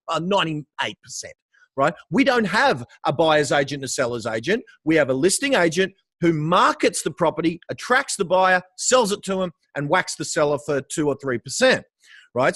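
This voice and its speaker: An Australian man in casual podcast chat as a guest real estate coach, animated, swearing casually and calling the host bro. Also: on the high side, dry recording.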